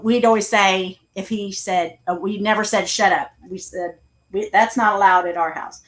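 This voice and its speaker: A woman's voice: mid-range voice, fairly even intonation, moderate pace, a bit bright, poor audio. A woman hosting a casual craft livestream, chatting and telling family stories with easy laughs. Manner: chatty, storytelling, laughs easily. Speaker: craft channel host.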